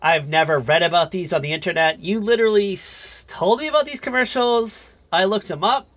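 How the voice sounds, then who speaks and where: A man's voice: high voice, brisk, dry recording. A man with a Northeastern US accent, co-hosting a podcast in casual, jokey chat. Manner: excitable, jokey, animated. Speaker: podcast co-host.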